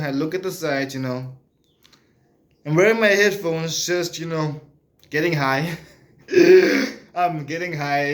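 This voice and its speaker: A man telling a rambling comic story, full of fillers and laughing at his own jokes. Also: fairly high pitch. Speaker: comedian.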